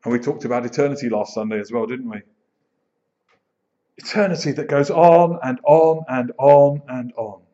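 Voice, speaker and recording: A man preaching a sermon as pastor, expressive, slowing down to dwell on phrases and telling stories with animation. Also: medium pitch. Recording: dull lo-fi sound.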